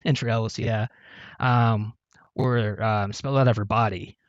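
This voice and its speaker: A man's voice: on the low side, fairly even intonation, unhurried, no room sound. A man hosting a casual talk about comics, recapping plots with many ums and restarts. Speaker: podcast host. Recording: dull, dry lo-fi sound.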